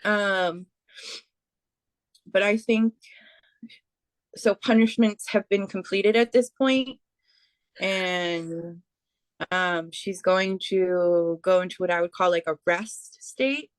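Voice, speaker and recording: A woman giving a spiritual reading as a medium, speaking haltingly with many fillers and restarts. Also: mid-range voice, no echo. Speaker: psychic medium.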